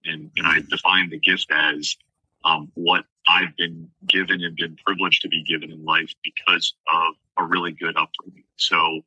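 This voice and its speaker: A man in his forties from southern New Jersey, a podcast guest speaking earnestly and haltingly with many fillers. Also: sits low, level tone, sharp tone, breathy edge, no room sound, lo-fi sound. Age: 40s. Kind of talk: casual interview chat.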